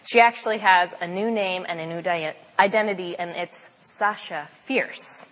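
A woman's voice: fairly low pitch, moderate pace, a bit bright, slight background noise. Chatty young woman in a reverberant hall. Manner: chatty, self-deprecating, with fillers. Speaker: campus ministry staff speaker. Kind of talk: casual sermon talk.

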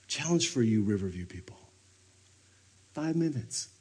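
A man giving a sermon at a retreat, animated, swinging between loud bursts and hushed near-whispers. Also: mid-range voice, a little slow, long pauses, breathy edge. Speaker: retreat speaker. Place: retreat meeting room.

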